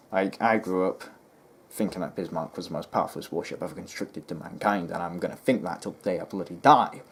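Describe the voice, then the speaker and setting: A man with a deep, low voice talks straight to his viewers in a loose, rambling way. He sounds exasperated, with plenty of ums, false starts and restarts. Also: slightly rough. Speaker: history video host. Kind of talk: casual rambling commentary to camera.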